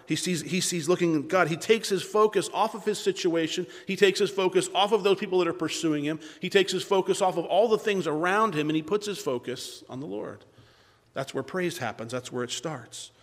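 Man preaching in an echoing hall. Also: on the high side. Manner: earnest preaching with dramatic pauses and restarts. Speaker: pastor leading a Bible study. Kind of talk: sermon. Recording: long hall reverb.

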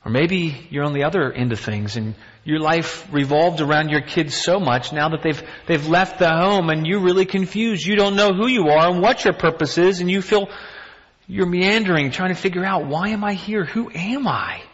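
A man delivers a conversational sermon, voice a little high, asking question after question. He drops in wry asides about himself. The dull recording carries a long reverb from a big hall. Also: normal speed, fairly bright tone. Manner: conversational, rhetorical questions, self-deprecating asides. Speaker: pastor.

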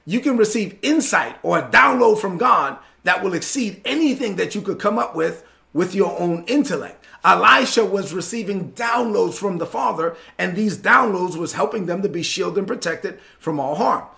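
A man's voice: sits high, animated, normal speed, creaky, sharp tone. A man preaching a sermon in an emphatic, repetitive cadence.

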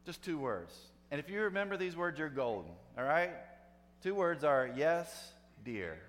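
A pastor giving a sermon, conversational, with emphatic rising bursts for effect. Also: male voice, fairly high pitch, big pitch swings, normal speed, a bit bright. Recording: long hall reverb, faint hum.

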